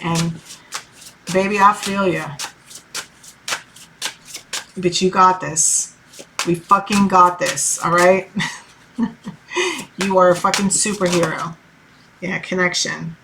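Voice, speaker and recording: A woman's voice: lowish voice, little pitch movement, measured pace, vocal fry, long pauses, noisy background. A woman in her thirties giving a casual tarot reading, loose and encouraging, with lots of swearing and fillers. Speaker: tarot reader.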